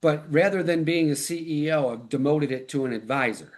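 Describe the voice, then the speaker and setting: A man's voice: a little high, steady tone, brisk. A man as a podcast guest, talking casually with lots of fillers and restarts. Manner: loose and filler-heavy, with frequent restarts. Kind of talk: casual conversational interview.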